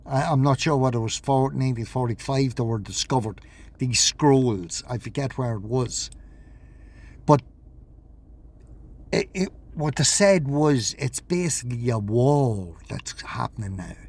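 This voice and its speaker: A man's voice: medium pitch, measured pace, darkish tone. A man talking in a rambling vlog monologue, agitated, swearing and repeating himself. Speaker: vlogger.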